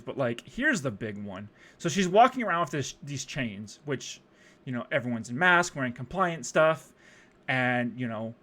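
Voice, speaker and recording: A man's voice: on the high side, sing-song, measured pace, bright, forceful tone. A young man streaming, rambling through casual profane commentary on a music video with lots of fillers.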